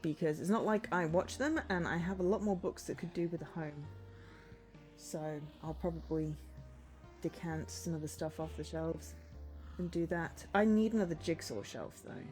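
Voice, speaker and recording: Rambling woman streamer, low voice. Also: moderate pace, darkish tone, faint music behind. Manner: rambling, chatty, self-deprecating. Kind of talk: casual chat while livestreaming a game.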